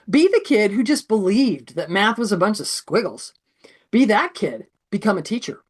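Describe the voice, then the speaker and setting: Animated woman presenter with a sore throat. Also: mid-range voice, measured pace, breathy edge. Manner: animated, acts out classroom scenes. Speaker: math education presenter. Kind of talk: webinar presentation.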